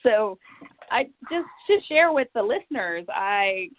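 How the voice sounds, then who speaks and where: In an upbeat interview chat, a woman hosting a podcast effusively encourages her guest. Her medium-pitched voice moves through big pitch swings at a measured pace, without echo, though the sound is tinny like a phone line, with faint noise.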